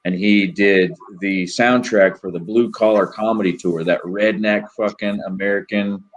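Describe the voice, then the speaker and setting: A man's voice: on the low side, steady tone, normal speed, low-quality recording. A man hosting a casual chat and telling a profane, rambling story with lots of energy. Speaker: host.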